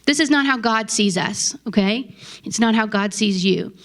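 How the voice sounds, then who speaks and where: A woman's voice: mid-range voice, moderate pace. Chatty, emphatic woman preaching. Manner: conversational and emphatic, with asides to the audience. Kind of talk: casual sermon.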